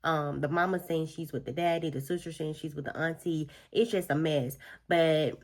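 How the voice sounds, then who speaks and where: A woman's voice: deep voice, fairly even intonation, normal speed. A woman vlogger chatting through a book review while doing her makeup, telling the story expressively with slangy asides.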